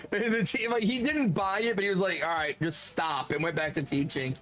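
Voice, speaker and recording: A man streaming, telling casual anecdotes in an animated way, laughing often and swearing freely. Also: high voice, moderate pace. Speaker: streamer reading chat.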